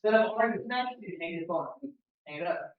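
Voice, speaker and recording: A man's voice: high-pitched, expressive, fast. A man from Miami leading a sales team training, casual and joking with the room. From Miami, United States. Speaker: real estate sales trainer. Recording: roomy, distant, dull meeting-room audio.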